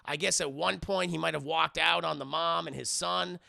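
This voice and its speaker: A man streaming a casual movie review, excitable and profane, retelling scenes with lots of energy. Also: a little high, normal speed, gravelly.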